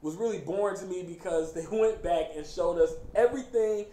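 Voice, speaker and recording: A man hosting a casual chat, animated and joking, often breaking into laughter. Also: sits high, fairly quick. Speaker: host. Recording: echoey room, faint background noise.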